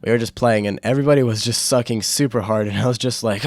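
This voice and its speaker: A young man hosting a casual solo podcast, rambling with fillers and restarts, his throat sore from yelling. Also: mid-range voice, fast talker, no room sound, clean studio sound. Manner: rambling, full of fillers and self-corrections. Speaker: podcast host.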